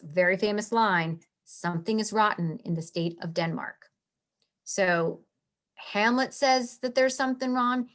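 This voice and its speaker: A woman giving a casual lecture on a play, reading lines aloud and tapping out the meter with enthusiasm. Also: lowish voice. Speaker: literature teacher.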